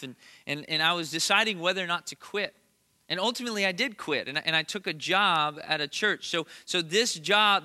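A man in his thirties preaches a conversational sermon in a high, very bright and sharp voice. He is earnest and breaks up his points with self-deprecating jokes. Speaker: pastor.

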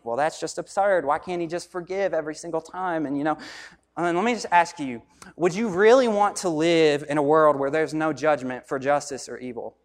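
A man's voice: a little high, big-room sound. A man preaching a sermon as pastor, conversational, repeating his points and asking the crowd questions. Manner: conversational preaching with repeated phrases and asides to the audience.

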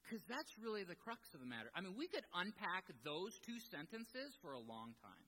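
A man delivering a sermon in a lively, animated way, with a bright, forceful voice. He tells his story with self-deprecating asides. His voice rings with the long reverb of a large hall. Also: fairly high pitch, normal speed, hardly any pauses. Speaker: preacher.

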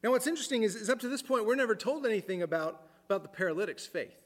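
A man preaching a sermon in an earnest way, repeating words as he thinks aloud and dropping his voice low for emphasis. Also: rapid-fire, in a large hall. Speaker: pastor.

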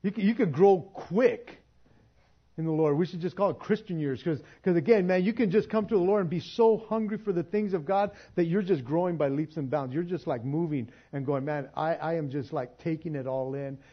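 A man's voice: high-pitched, fairly quick, lo-fi sound. A man preaching a sermon in a church, casual and conversational, often restarting words and laughing. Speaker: pastor.

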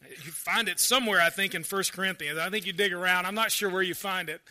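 A man preaching a sermon in a chatty, conversational way, leaning hard on some phrases and dropping low for asides. His voice sits high for a man. It has a very bright, cutting edge. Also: quick pace, few pauses. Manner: conversational preaching, swinging between loud emphasis and quiet asides. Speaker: pastor.

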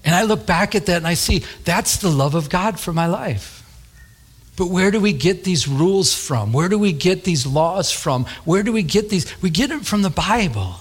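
A man preaching a sermon, telling a childhood story in an animated way and acting out the voices. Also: high voice, moderate pace, breathy edge. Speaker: pastor.

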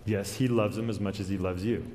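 A man preaching a sermon in an earnest way. He slows down and drops his voice to a hush on key words. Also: fairly low pitch, steady tone. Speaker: pastor. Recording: long hall reverb.

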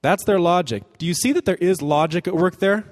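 A man preaching a sermon as a pastor, animated, often acting out the voices of the people in the passage he reads. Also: sits high, fairly quick. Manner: animated, acts out quoted voices. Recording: long hall reverb.

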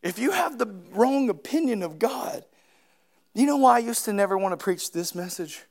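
A man preaching a sermon with passion, dropping to quiet asides and rising to shouted peaks. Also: high voice, lively intonation, moderate pace, vocal fry. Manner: impassioned, swings from quiet to shouting.

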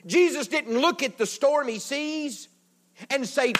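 Inside a church building, a male pastor delivers a sermon that swings between loud declarations and hushed words, tossing folksy asides to the congregation. His voice is very high and his pace is slow.

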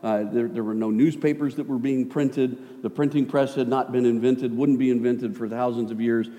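A man's voice: medium pitch, fairly even intonation, moderate pace, warm tone. A man preaching a sermon in a loose, conversational way, with jokes and acted-out asides as he reads and explains scripture. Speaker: pastor. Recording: long hall reverb.

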